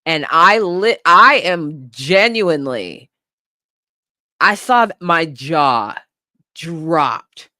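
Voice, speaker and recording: A livestream host telling a story in a casual, lively way, swearing and laughing along the way. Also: medium pitch, very slow, no echo, studio quality.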